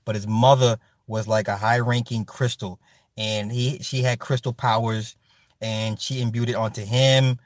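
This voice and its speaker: A man hosting a casual livestream talk, loose and profane, swinging from low mutters to loud animated outbursts. His voice sits at an ordinary male pitch. It is recorded dry and close, with no room sound. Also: a little slow, dry recording. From Chicago. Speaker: livestream host reading chat. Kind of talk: casual chat.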